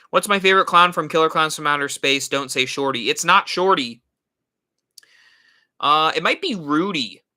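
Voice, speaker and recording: A man's voice: on the high side, pushed and bright. A man hosting a casual live stream, rambling and answering viewer comments. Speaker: horror channel host.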